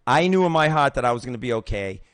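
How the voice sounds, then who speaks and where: A man's voice: medium pitch, lively intonation, fast talker, smooth, no echo. Emphatic older man, dry close sound. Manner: emphatic, swearing, motivational, frequent restarts. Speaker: host. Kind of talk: personal recovery testimony.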